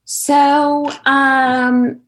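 A woman's voice: high voice, level tone, drawn-out words. A middle-aged woman, a management consultant, talking casually as a podcast guest and often saying "you know" and "right". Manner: conversational, peppers talk with "you know" and "right". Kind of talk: casual interview chat.

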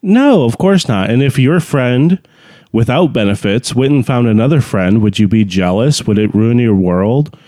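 A man's voice: mid-range voice, expressive, moderate pace, warm tone, dry recording, studio quality. A man co-hosting a podcast in casual chat, blunt and laid-back, with lots of "you know" fillers. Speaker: podcast co-host.

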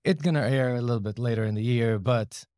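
A man's voice: mid-range voice, a little fast, a little mellow, dry recording, studio quality. A man co-hosting a podcast, bantering playfully in casual conversation. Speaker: podcast co-host.

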